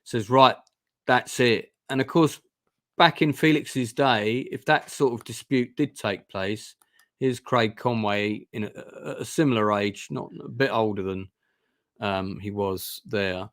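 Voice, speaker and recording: A man's voice: lowish voice, unhurried, fairly bright tone, no room sound. Rambling man, dry close sound. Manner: rambling retelling with repeated restarts. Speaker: host of a review channel. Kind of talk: casual review discussion.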